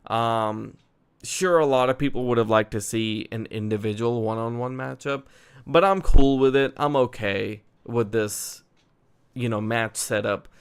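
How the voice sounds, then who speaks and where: Laid-back man with a smooth voice. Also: medium pitch, a little slow. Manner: excitable, laughs often, fillers like "dude" and "man". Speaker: podcast host. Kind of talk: casual wrestling chat.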